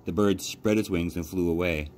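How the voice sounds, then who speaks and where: A man from a library youth program reading a children's novel aloud as expressive storytelling. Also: moderate pace. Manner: expressive storytelling with lively pitch. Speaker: library youth services coordinator. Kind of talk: children's book read-aloud.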